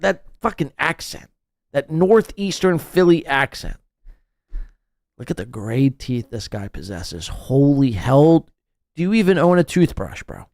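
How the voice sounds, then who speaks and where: A man's voice: fairly high pitch, sing-song, a little slow, no echo, clean studio sound. A man hosting a live podcast, reacting to clips with sarcastic, profane mockery. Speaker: podcast host.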